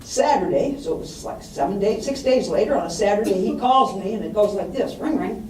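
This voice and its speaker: A woman presenting on estate planning to an audience, telling stories and acting out quotes in an animated way. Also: medium pitch, fairly quick, a little hiss or hum. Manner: animated storytelling with acted quotes. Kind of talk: public talk to an audience. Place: lecture room. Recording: echoey room mic from a distance.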